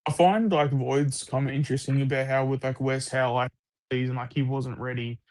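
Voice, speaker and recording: A man's voice: medium pitch, steady tone, brisk, a little mellow. An Australian man chatting casually about sport on a live stream, rambling with lots of restarts and the odd swear word.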